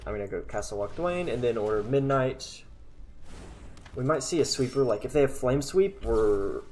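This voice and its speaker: A man commentates his own card game as he plays, thinking aloud in a chatty, sarcastic way. His voice sits at an ordinary middle pitch. Faint music plays quietly behind him. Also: lively intonation, moderate pace. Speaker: gaming content creator.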